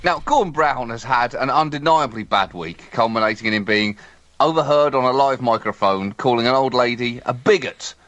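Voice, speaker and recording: A man's voice: medium pitch, moderate pace, fairly bright tone, dry recording. A man co-hosting a satirical comedy podcast, mocking and often laughing. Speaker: co-host.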